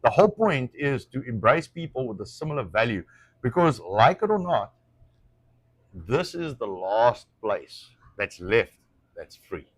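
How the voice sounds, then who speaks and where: A man's voice: medium pitch, big pitch swings, a little slow, no room sound. Blunt, opinionated man chatting. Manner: blunt, opinionated, rambling with restarts. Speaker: co-host of a live stream. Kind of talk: casual chat.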